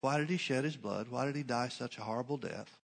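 A middle-aged man preaching a sermon in an ordinary mid-range voice. He drives his points home by slowing down and repeating phrases. His delivery rises and falls as he teaches from scripture. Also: medium pitch, gravelly. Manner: preaching with shifting emphasis, slows to stress points. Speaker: pastor.

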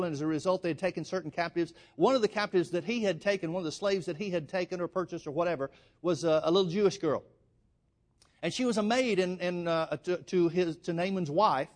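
Preacher guy, high voice, telling a story to the folks. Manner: emphatic storytelling, addresses the congregation as folks. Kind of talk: sermon.

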